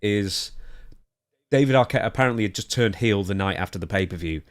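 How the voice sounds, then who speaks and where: A man chatting casually on a podcast into a studio microphone, animated and excitable, with sudden loud outbursts. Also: on the low side, brisk. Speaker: podcast co-host.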